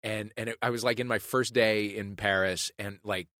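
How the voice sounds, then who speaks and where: A man hosting a comedy panel quiz, animated and laughing through self-mocking anecdotes. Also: on the low side, normal speed, dry recording, clean studio sound. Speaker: quiz show host.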